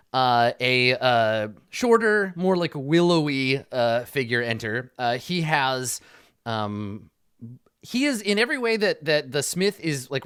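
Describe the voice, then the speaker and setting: A man running a tabletop game as game master, narrating in a loose, rambling way with lots of "uh" and "like". His voice sits at an ordinary pitch, and the sound is dry and close to the mic. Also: fairly bright tone, clean tone, no room sound. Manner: rambling description with many fillers.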